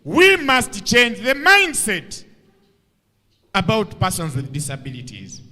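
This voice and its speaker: High lively guy in his 30s doing a funny motivational talk, big echoey hall. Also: slow pace. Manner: animated, playful storyteller. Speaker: motivational speaker. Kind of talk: comic storytelling talk.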